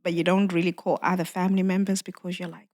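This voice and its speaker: A woman's voice: lowish voice, little pitch movement, quick pace, a little mellow. A woman guest on a podcast, telling a personal story with emotion and acting out dialogue, often saying "you know.".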